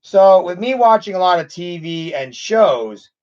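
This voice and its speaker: Man, high voice, casual livestream chat, halting, chuckles often, dull lo-fi mic. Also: expressive, darkish tone. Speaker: channel host on a livestream.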